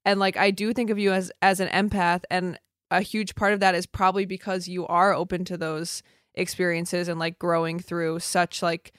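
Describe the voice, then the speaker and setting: A woman's voice: on the low side, level tone, moderate pace, dry recording, studio quality. A young woman hosting a casual chat, talking in an earnest, reflective way with many filler words.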